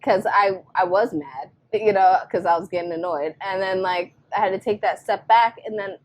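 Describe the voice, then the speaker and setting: A woman's voice: medium pitch, normal speed, a little hiss or hum. Chatty young mother, casual podcast talk. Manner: chatty, acts out her son and herself in quotes. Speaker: podcast co-host. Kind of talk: casual chat.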